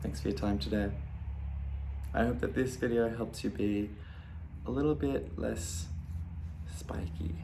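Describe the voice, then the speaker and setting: A man in a casual talk to camera, calmly explaining, with his voice jumping loud and high when he acts out his own replies. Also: moderate pace, gravelly, noisy background. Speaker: video creator talking about ADHD.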